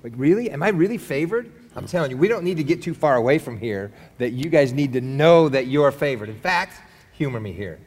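A man's voice: mid-range voice, lively intonation, brisk, big-room sound. A man preaching a sermon in a conversational, rambling way with many restarts. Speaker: pastor.

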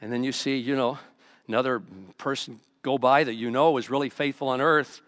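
A man preaching a sermon as pastor, emphatic and urgent, swinging between loud pushes and quiet asides. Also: mid-range voice, fairly even intonation, fairly quick, clean tone, no echo, clean studio sound.

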